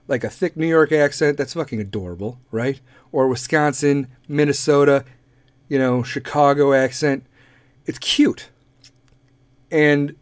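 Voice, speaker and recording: A man's voice: medium pitch, no room sound. A man hosting a podcast, delivering a crude, rambling comedic monologue and laughing often. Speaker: podcast host.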